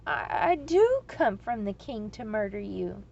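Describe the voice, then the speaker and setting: A woman voicing a trembling young man who stammers and shouts bravely. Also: fairly high pitch, big pitch swings, a little slow, creaky, lo-fi sound, exaggerated voice. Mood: indignant.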